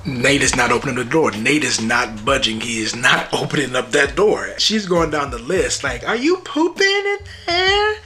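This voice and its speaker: Bright-voiced man excitedly recapping a show. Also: medium pitch, normal speed, few pauses. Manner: animated, joking, slangy, exclamatory. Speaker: YouTube TV reviewer. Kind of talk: casual episode recap and reaction.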